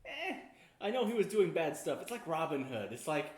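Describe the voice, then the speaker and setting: Man, animated pitch, casual banter, echoey room. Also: moderate pace. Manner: lively reactive banter. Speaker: podcast co-host. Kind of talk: casual chat.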